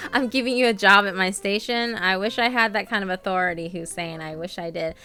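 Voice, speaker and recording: A woman's voice: medium pitch, fairly even intonation, brisk, bright, forceful tone, clean tone, soft background music. A young woman streamer chatting casually with viewers, reading out their names between lots of ums and laughs. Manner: chatty, reads out viewer names, filler-heavy. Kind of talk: casual live-stream chat.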